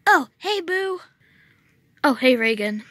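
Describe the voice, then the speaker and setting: A woman's voice: high voice, very animated, slow, bright, forceful tone, no echo. A woman telling a playful role-play story in a chatty, sighing way. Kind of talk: toy role-play narration.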